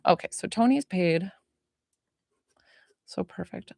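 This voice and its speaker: A woman hosting a psychic livestream, chatting casually and excitedly, rambling and greeting viewers by name while still catching her breath. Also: on the low side, takes it slowly, vocal fry, no room sound, clean studio sound. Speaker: psychic medium livestream host.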